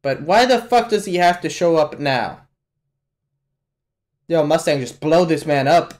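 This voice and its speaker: A man hosting a live anime reaction, talking casually and profanely, with sudden loud exclamations at what he sees. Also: fairly high pitch, unhurried. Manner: casual slangy talk to the viewer. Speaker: reaction channel host.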